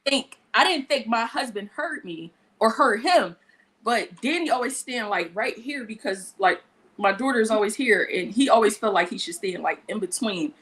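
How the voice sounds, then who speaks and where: A woman telling a story on a podcast in a casual, animated, profane way. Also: a little high, normal speed. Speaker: podcast guest.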